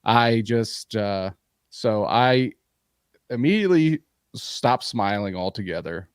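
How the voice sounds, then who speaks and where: A man hosting a comedy podcast, telling a story in a profane, animated, ranting way. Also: fairly low pitch, takes it slowly, smooth, no room sound, studio quality. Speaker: podcast host.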